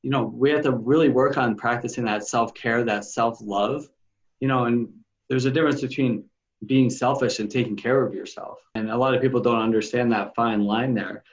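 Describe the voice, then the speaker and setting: A man's voice: medium pitch, fairly even intonation, normal speed. A man hosting a podcast, a coach who speaks earnestly and encouragingly to his guest. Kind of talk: casual interview talk. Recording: slightly dull audio.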